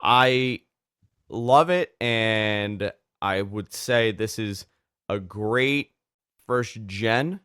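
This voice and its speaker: A man's voice: lowish voice, drawn-out words, fairly bright tone, smooth, no room sound, clean studio sound. A middle-aged man co-hosting a casual tech podcast, chatty and stumbling through restarts. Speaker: podcast co-host.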